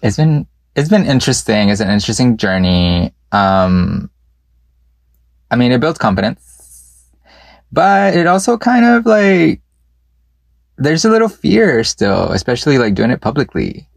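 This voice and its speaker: A man's voice: mid-range voice, big pitch swings, measured pace, vocal fry, long pauses, no echo. A man co-hosting a podcast in casual, profane chat, rambling with fillers and laughing often. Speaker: podcast co-host.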